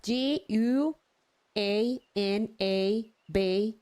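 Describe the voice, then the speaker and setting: Young woman streamer just hanging out and chatting, slow easy pace, jokes at herself, swears a bit. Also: medium pitch, a little mellow, clean tone. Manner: chatty and self-mocking, casual swearing. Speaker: live streamer. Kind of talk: casual chat while gaming.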